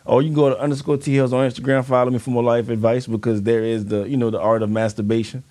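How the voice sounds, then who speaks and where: A man's voice: medium pitch, flat delivery, fast, a little mellow. A man in casual podcast chat, brash and crude, plugging himself and joking. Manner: brash, crude, self-promoting. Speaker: podcast co-host.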